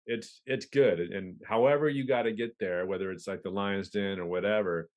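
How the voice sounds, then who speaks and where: A man's voice: fairly low pitch, steady tone, normal speed, a little mellow. A man talking candidly as a podcast guest, casual and profane, with frequent restarts. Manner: candid, profane, stop-start. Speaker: podcast guest, police officer. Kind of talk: casual conversation.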